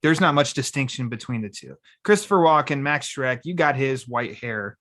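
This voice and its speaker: Male podcast host, casual and rambling, speaking at a middling pitch. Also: animated, normal speed, fairly bright tone. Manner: rambling, quotes lines playfully. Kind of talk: casual chat. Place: home.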